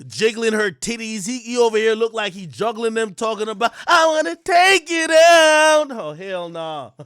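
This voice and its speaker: Excitable, high-voiced man ranting. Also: smooth, dry recording, studio quality. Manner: excitable, profane, laughing, loud bursts. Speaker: streamer and commentator. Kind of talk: casual rant.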